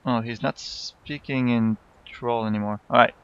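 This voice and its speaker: Brief: casual male game lore narrator, smooth voice, unhurried, reads quest text aloud. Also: medium pitch, fairly even intonation, no echo, highs cut off.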